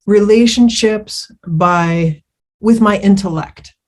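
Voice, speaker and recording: A woman shares her recovery story in a slow, unhurried delivery. Her voice sits in a middle register. She talks candidly and rambles, peppering her speech with fillers, restarts and casual swearing. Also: medium pitch, a little mellow. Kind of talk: personal testimony.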